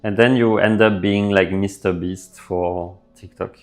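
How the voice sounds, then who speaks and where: Laid-back low-voiced man streaming live. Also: a little slow, soft background music. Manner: relaxed, thinks aloud with fillers, reads chat messages out. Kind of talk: casual live stream chat reading viewer comments.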